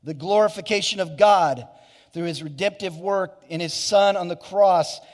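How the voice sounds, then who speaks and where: Speaking at a moderate pace in a high voice, a pastor addresses his church from the sanctuary, where the recording picks up hall reverb. His sermon is earnest, with many restarts, side remarks and repeated "you know"s.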